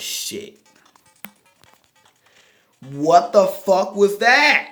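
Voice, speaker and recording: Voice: mid-range voice, animated, a little slow, a bit bright, echoey room, faint music behind. A game reviewer ranting in exasperated, profane commentary while playing, with sudden outbursts.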